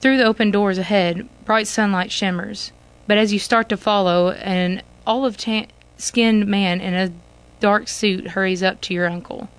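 A woman telling a second-person interactive adventure story in a clear, measured storybook delivery. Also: medium pitch, fairly even intonation.

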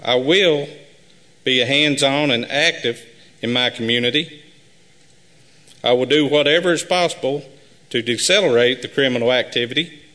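Man, campaign speech, measured and earnest, long echo of a school hall. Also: mid-range voice, sharp tone. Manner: earnest, measured, repetitive pledges. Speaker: sheriff candidate. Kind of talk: reading a prepared campaign speech. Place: high school forum hall. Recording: live hall with long reverb.

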